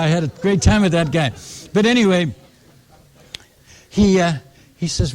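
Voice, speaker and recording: A man preaching as a missionary, telling stories in an animated way, acting out the people he quotes and chuckling at his own tales. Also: fairly high pitch, unhurried. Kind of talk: storytelling sermon.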